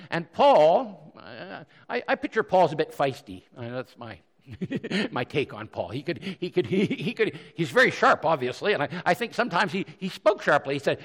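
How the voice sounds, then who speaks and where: Lively high-voiced male preacher in a reverberant hall. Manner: animated, conversational preaching with repeated restarts and self-deprecating asides. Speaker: pastor. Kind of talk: sermon.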